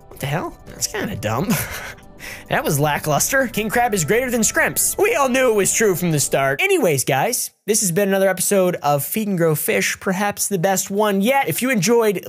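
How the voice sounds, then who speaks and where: A woman hosting her channel, giving casual, excitable, jokey gameplay commentary with plenty of swearing, with faint music behind. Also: lowish voice. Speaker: gamer and channel host.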